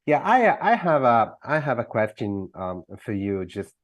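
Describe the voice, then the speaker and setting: A man's voice: medium pitch, sing-song, a little slow, dry recording, muffled recording. A man moderating an online discussion, thanking the speaker and hesitantly building up a question. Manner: hesitant, repeats words while forming a question. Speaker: workshop moderator. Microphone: online video call.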